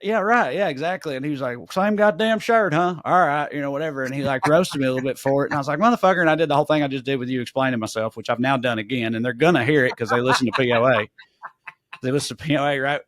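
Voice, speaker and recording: A man, co-hosting a podcast and telling a long story in animated, profane casual chat. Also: medium pitch, very fast, dry recording, studio quality. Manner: animated, profane, acts out quoted voices. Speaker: podcast co-host.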